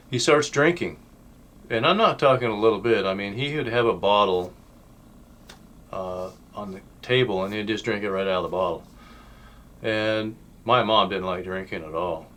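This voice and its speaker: Lowish-voiced man telling a story. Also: a little hiss or hum. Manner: blunt, colloquial, swings between loud and hushed. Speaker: channel host telling his life story. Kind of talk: casual spoken storytelling.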